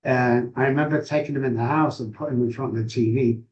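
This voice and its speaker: A middle-aged man speaks as an interview guest, and his voice sits at an ordinary mid pitch. He tells his story frankly and haltingly, pausing and restarting his sentences. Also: steady tone, darkish tone, highs cut off. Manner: candid, halting, with frequent pauses and restarts. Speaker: guest, addiction recovery expert.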